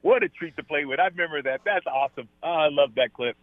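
A man's voice: on the high side, quick pace, no echo. A man, a former pro football player, talking emphatically as a guest on a sports radio show over the phone, repeating his points. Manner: emphatic, repeats "I tell you". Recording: tinny phone line.

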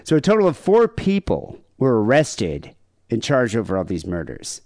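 A man's voice: mid-range voice, huge pitch swings, moderate pace, a little mellow, no echo. A man hosting a podcast, chatting casually and reading out case notes with wry, dry commentary. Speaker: podcast host.

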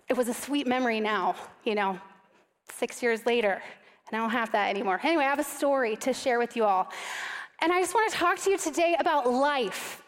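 A high-voiced woman in her thirties preaches from a stage, mixing animated, self-mocking storytelling with scripture. Her voice carries a long reverb from a large church hall. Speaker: speaker giving a sermon. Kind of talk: storytelling sermon.

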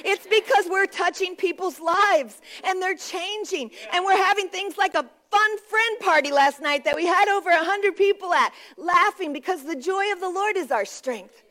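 High-voiced woman preaching a fervent sermon. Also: normal speed, pushed and bright. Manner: fervent, repetitive declarations, calls for response. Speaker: pastor. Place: church service.

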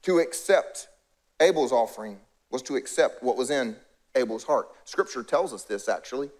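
A man's voice: mid-range voice, expressive, normal speed, darkish tone. A middle-aged male pastor preaching a conversational sermon, acting out the voices of biblical characters.

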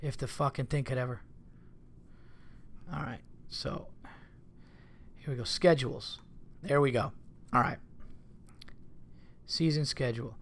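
A man's voice: mid-range voice, fairly even intonation, measured pace, creaky, long pauses. Rambling, cursing male podcast host. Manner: rambling, profane, easily exasperated. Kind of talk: casual solo podcast chat.

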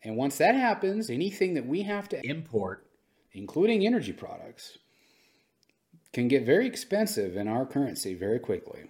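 A man co-hosting a podcast, talking through the news in unscripted commentary, animated and conversational, sometimes slipping into mock voices to make a point. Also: medium pitch, normal speed. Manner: conversational, fillers and restarts. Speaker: podcast co-host.

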